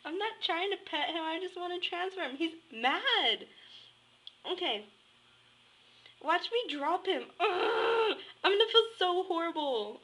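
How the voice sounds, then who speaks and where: A woman vlogging casually at home, excitable, prone to squeals and nervous giggles. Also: very high-pitched, unhurried, low-quality recording. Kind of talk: casual vlog narration.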